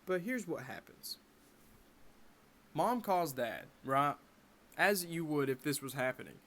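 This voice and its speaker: Young adult male vlogger, slightly high voice, animated casual storyteller, recorded at home in his room. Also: measured pace. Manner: animated, dramatic retelling with wry asides.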